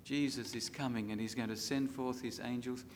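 Older Australian preacher in a hall. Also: male voice, mid-range voice, steady tone, slight background noise. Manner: dramatic rises and drops in loudness, slows for scripture. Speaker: pastor. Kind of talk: sermon.

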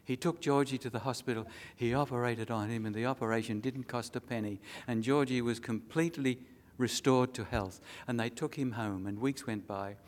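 A man's voice: mid-range voice, fairly even intonation, normal speed, hardly any pauses. A man preaching a sermon, telling an earnest story and making emphatic appeals.

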